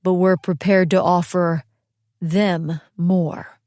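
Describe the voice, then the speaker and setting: A woman's voice: fairly low pitch, measured pace, a little mellow, no echo, clean studio sound. A woman voicing a solemn, guarded male wagon train captain in an audiobook, speaking in a grave, blunt, restrained way. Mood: solemn, wary. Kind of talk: audiobook character reading.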